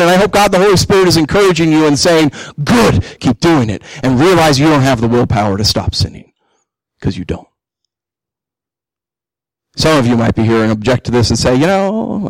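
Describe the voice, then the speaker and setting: A male pastor preaching a sermon, animated, acting out the inner voices of believers. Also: a little high, no echo, low-quality recording. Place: church.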